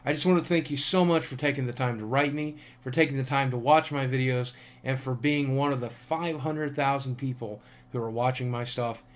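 A tired man who is coming down with a cold chats casually as he reads his fan mail and thanks his viewers, pausing often with fillers. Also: medium pitch, steady tone. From United States. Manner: warm, thankful, chatty with filler pauses. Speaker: YouTuber reading fan mail. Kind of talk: casual vlog chat.

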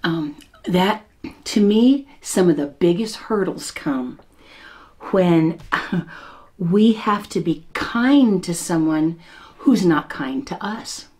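A woman hosting a devotional podcast, telling a faith story in a gentle, conversational way. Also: lowish voice, animated, slow pace, slightly rough, no echo. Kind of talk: devotional Bible teaching.

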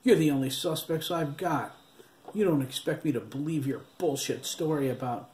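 A man's voice: on the high side, very animated, unhurried, darkish tone, voice pushed up. A man voicing a hot-tempered tough police detective who snaps and barks orders, in an audiobook reading. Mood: snapping. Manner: barking, snapping orders. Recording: roomy echo, faint background hiss.

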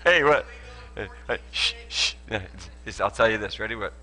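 Guy pastor clowning around mid-sermon, jumps all over in pitch, bright voice, laughs a lot. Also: expressive, moderate pace, poor audio. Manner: joking, chatty, laughs often, lots of restarts. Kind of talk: playful sermon with a live demonstration. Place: church auditorium.

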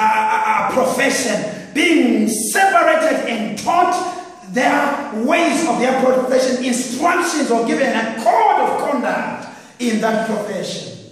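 A man pastor preaching a sermon, calling on the congregation to answer and swinging from loud shouts to quiet passages. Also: very high-pitched. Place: large church hall. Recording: echoey hall, voice from far off.

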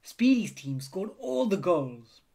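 A man reading a children's picture book aloud in an expressive storytelling manner. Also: sits high, slow pace, gravelly. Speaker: storybook reader.

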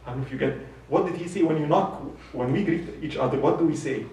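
A man giving a sermon, telling a story with lively acted quotes. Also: a little high, fast. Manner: animated storyteller, voices quoted speech, laughs. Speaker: khutbah speaker. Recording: echoey hall from far off.

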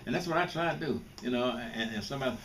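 A man's voice: medium pitch, racing, fairly bright tone. Older guy chatting blunt and folksy with students, mic far off, faint hiss behind. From Mississippi. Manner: blunt, folksy, restarts and repeats words. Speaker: guest speaker. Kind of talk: informal talk to students. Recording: distant mic with faint background noise.

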